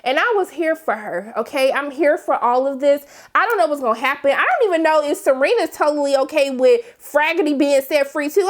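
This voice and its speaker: A woman reviewing a TV episode in a casual vlog, talking in an animated, emphatic and slangy way. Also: high-pitched. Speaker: TV recap reviewer.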